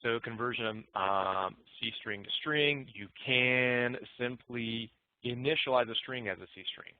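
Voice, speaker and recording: A man teaching programming in a recorded lecture, relaxed and thinking aloud as he walks through code. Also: mid-range voice, a little slow, no room sound. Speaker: programming instructor. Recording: muffled phone-like dry audio.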